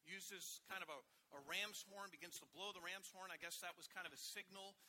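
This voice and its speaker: A man preaching, telling stories that swing from loud emphasis down to hushed asides. His voice is very bright and sits a little high for a man, and a faint hiss runs beneath it. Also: steady tone, brisk. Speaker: pastor. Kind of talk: sermon.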